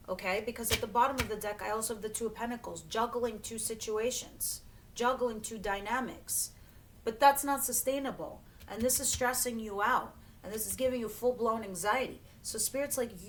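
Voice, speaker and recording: A woman's voice: fairly high pitch, brisk, a little hiss or hum. Blunt, casual woman doing a tarot reading. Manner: blunt, swears freely, talks straight to the viewer. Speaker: tarot reader.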